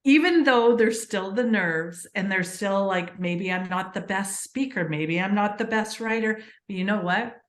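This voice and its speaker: Female podcast guest, earnest storyteller, mid pitch, echoey room sound. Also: measured pace, hardly any pauses. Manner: earnest, animated storytelling with many fillers. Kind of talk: casual interview chat.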